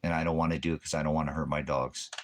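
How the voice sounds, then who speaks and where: A man's voice: very deep voice, little pitch movement, very fast, slight background noise. A man hosting a ministry livestream, ranting in a heated, profane, rambling way and quoting scripture. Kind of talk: angry livestream rant.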